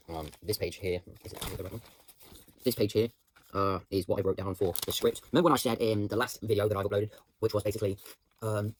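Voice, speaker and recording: A man's voice: on the low side, darkish tone, breathy edge. A young man, a drama student, rambling through a reflective voice note on his acting practice, with many fillers and restarts. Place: indoors at home.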